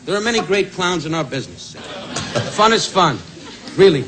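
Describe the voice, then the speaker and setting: A man's voice: sits high, lively intonation. An older man doing live insult comedy at a benefit, brashly jabbing at people in the audience. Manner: brash, rapid jabs at audience members. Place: benefit event hall. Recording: live hall tape, loud crowd and noise.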